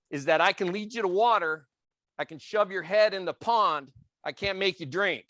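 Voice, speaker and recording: A man's voice: a little high, fairly bright tone, no echo. A man leading a real estate training class, intense and passionate, firing questions at the room and acting out customers. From Italian family background. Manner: acts out quoted customers in little voices.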